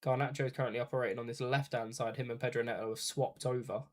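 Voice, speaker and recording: A man's voice: mid-range voice, fairly even intonation, fast talker. A man streaming a watch party, giving chatty live play-by-play of a football match with casual asides.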